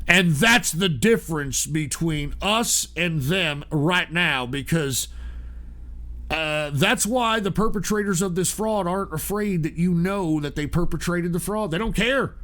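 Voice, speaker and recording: A man's voice: high voice, a little slow, a bit bright. A man hosting a live-stream call-in show, ranting angrily with constant profanity. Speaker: host.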